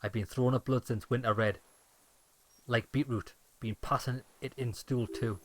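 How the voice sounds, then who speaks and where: A man's voice: mid-range voice, fairly even intonation, moderate pace, no echo, lightly acted. Brief: frail bitter old soldier-deserter, grim and clipped, read by a man in a mid-range voice.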